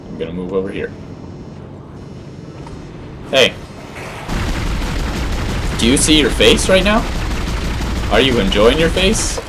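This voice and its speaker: A man narrates his horror game session with dry sarcasm, taunting the monsters and breaking into sudden shouts. He speaks slowly, but his pitch jumps up and down a lot. Game sounds are clearly audible under his voice. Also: sing-song, noisy background. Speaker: gameplay commentator. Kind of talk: let's play commentary. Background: game audio.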